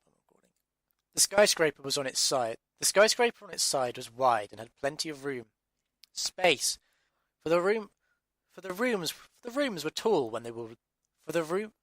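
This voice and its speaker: With no room sound, a mid-range, fairly bright male voice is heard reading his own story aloud. He is English, and these audiobook outtakes catch him constantly restarting and talking to himself in exasperation.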